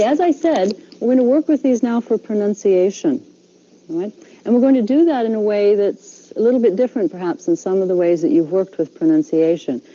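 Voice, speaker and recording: A woman's voice: medium pitch, mellow, dull audio. Patient woman teaching a language class. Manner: patient, repeats instructions, many okays.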